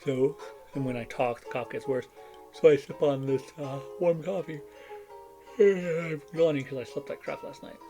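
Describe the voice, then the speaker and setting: A man's voice: a little high, steady tone, moderate pace, mellow, faint music behind. A middle-aged man with a cough and headache, rambling in a casual chat at his home desk mic, with lots of fillers and self-deprecating asides. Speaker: vlogger. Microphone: desk microphone.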